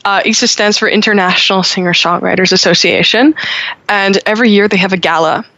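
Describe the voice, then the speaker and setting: A woman's voice: medium pitch, fairly quick, bright, forceful tone, no room sound. A young woman from Montreal, a singer-songwriter guest, chatting upbeat and talkative with frequent restarts. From Montreal, Canada. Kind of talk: casual interview chat. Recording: dull lo-fi audio.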